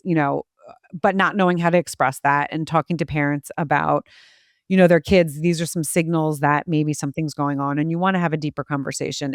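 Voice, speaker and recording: A woman's voice: low-pitched, no echo, clean studio sound. A woman in her forties hosting a podcast, telling stories in a chatty way and acting out quotes with a laugh. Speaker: podcast host. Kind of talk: casual conversation.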